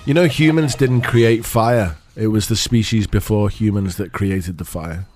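A man co-hosting a casual studio chat with wry, deadpan jabs. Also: on the low side, measured pace, faint music behind. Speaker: radio co-host.

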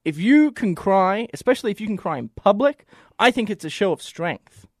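A man's voice: sits high, big pitch swings, normal speed, dry recording, studio quality. A man from Australia with an Australian accent, co-hosting a casual chat in an earnest, rambling way with many restarts. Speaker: podcast co-host.

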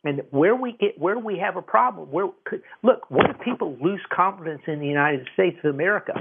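A gravelly, husky man with a fairly high voice holds forth on a talk radio show, stumbling over repeated words as he presses his points. The sound is thin and tinny, like a phone line. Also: expressive, fairly quick, background noise. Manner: emphatic, repeats words and restarts often. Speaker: radio host. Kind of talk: political commentary on talk radio.

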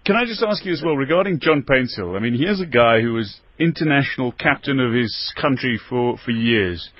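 A man's voice: medium pitch, lively intonation, a little fast, no echo. A man hosting a radio sports show, asking long questions with small repeats. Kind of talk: radio sports interview and news. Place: radio studio. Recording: dull, dry radio studio sound.

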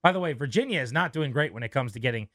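A man's voice: mid-range voice, expressive, rapid-fire, a bit bright, no echo, studio quality. A man hosting a sports radio show, teasing his co-host, reading promos and taking calls. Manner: wry, teasing, reads promos and takes calls.

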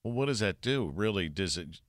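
A man co-hosting a radio talk show, chatting calmly and asking questions. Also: sits low, moderate pace, dry recording, clean studio sound. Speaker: radio co-host. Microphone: studio microphone.

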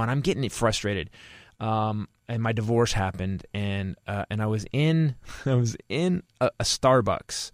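A man who is a stand-up comedian, telling stories in a casual podcast chat, quick and profane, with frequent restarts. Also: lowish voice, no room sound, clean studio sound. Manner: fast, profane, animated storytelling with quick restarts.

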